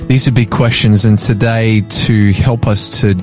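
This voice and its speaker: A man's voice: fairly low pitch, steady tone, unhurried, over music. A man hosting a live Christian radio talk show from a studio, speaking earnestly with many fillers and restarts. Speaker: radio host.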